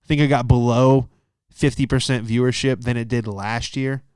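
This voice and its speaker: Rambling, cursing comedian with a smooth voice. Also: male voice, medium pitch, steady tone, normal speed, darkish tone, dry recording, studio quality. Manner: rambling, profane, loses his train of thought. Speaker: stand-up comedian and podcast host. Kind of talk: casual comedic monologue.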